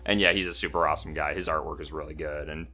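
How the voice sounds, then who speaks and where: A man's voice: rumbling low, steady tone, brisk, sharp tone, soft background music. A young man co-hosting a let's-play, rambling through stories in casual banter while playing. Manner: rambling, storytelling, easily sidetracked. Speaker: gaming channel co-host.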